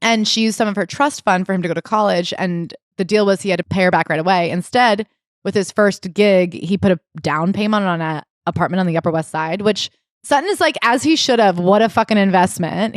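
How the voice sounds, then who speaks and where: Woman podcast co-host, casual and jokey, dry close mic, middle pitch. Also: a little fast, dry recording. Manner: animated, jokey, reads passages aloud. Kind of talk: casual book club chat.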